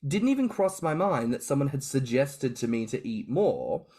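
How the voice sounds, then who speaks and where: A man co-hosting a podcast, telling stories in an animated way, swearing and laughing freely. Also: mid-range voice, normal speed. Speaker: podcast co-host. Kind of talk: casual podcast chat.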